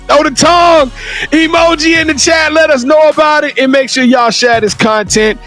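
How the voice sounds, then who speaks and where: A man hosting a sports talk show, hyping his guest up and closing the episode with emphatic, shouted praise. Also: very high-pitched, moderate pace, faint music behind. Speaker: podcast host. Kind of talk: energetic sports show sign-off.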